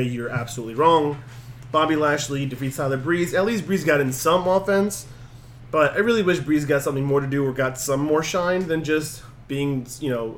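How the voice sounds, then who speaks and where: A man with a slightly raised voice runs through events in a loose, joking podcast chat. A faint hiss sits underneath the recording. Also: fairly high pitch. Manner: animated, jokey, recaps events quickly. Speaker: podcast host. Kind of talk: casual wrestling recap chat.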